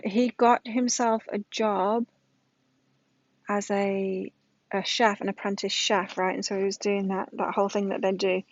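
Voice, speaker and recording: A woman's voice: mid-range voice, no room sound, dull audio. A middle-aged woman giving a casual weekly tarot reading, emphatic, repeating her points and telling stories to make them. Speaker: tarot reader.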